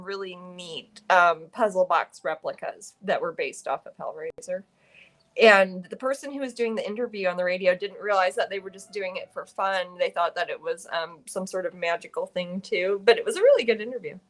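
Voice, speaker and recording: Lively, chatty middle-aged woman. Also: mid-range voice. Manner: chatty, playful, quick with jokes and asides. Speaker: artist streaming on Twitch. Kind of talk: casual chat while painting on stream.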